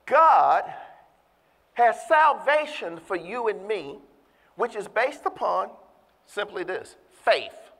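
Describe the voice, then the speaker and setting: A man with a high voice preaches a sermon in a church. He speaks emphatically and calls out to his listeners, drawing out the words he wants to land. The sound carries a long hall reverb. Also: very animated, vocal fry, a bit bright. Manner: emphatic, calls out to the congregation, slows down to stress key words.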